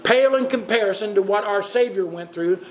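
A man with a fairly high voice preaching a sermon. He is earnest and repeats key phrases for weight. Faint background noise runs under the recording. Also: a little fast, rough recording.

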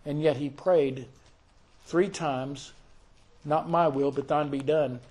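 Male preacher with a high voice, slow and deliberate, reciting scripture in a sermon. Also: fairly even intonation, darkish tone.

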